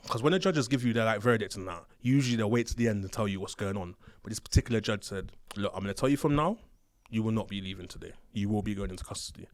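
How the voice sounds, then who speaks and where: A man telling stories from his days as a prison officer, slangy and animated, acting out the voices of the people he describes. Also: lowish voice, no room sound, studio quality. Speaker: interview guest, former prison officer. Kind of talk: casual storytelling. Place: studio.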